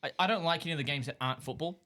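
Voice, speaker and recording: A man co-hosting a casual sports podcast, laid-back and listing betting picks in an even way. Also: fairly high pitch, racing. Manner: laid-back, rattles off lists flatly.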